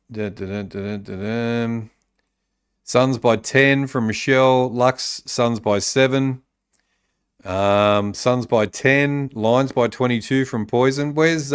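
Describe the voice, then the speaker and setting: A man's voice: fairly low pitch, clear, resonant tone. An Australian man hosting a casual live-streamed talk show, reading out viewer comments with lots of ums and uhs. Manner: reads viewer tips aloud, many ums and uhs. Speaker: podcast host.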